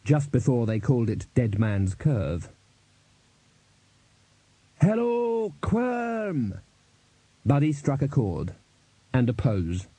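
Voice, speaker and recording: A man narrating an audiobook in a dry, measured storytelling manner. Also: fairly low pitch, lively intonation, dark tone, breathy edge, dry recording, low-quality recording.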